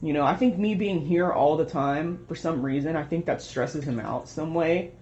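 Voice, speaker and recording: A woman's voice: low-pitched, normal speed, warm tone, a little hiss or hum. Frustrated young woman venting, lo-fi. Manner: frustrated, swears often, rambling. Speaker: vlogger. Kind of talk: casual venting monologue. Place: at home. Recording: dull lo-fi home recording.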